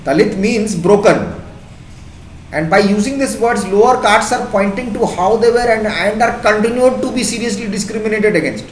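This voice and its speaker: A man's voice: high-pitched, fairly quick, hardly any pauses, slight background noise. A man with an Indian accent giving an impassioned classroom lecture as a teacher. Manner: impassioned, emphatic. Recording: echoey classroom.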